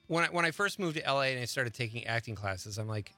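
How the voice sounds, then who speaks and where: Animated bright-voiced male radio host. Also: mid-range voice, fast talker, dry recording, soft background music. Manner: joking, deadpan put-ons. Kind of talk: casual radio chat.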